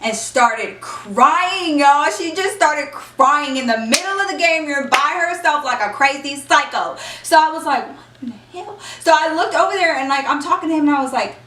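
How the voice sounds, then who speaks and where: Woman vlogger, storytime: high-ish, bright voice, chatty; echoey room, mic set back. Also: expressive, normal speed, hardly any pauses, recorded from a distance, slight background noise. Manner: chatty, acts out quotes, says y'all. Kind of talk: casual storytime.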